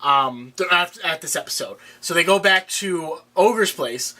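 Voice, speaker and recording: A man co-hosting a casual TV recap, retelling plot in halting, rambling bursts. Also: fairly high pitch, animated, bright, forceful tone. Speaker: podcast co-host.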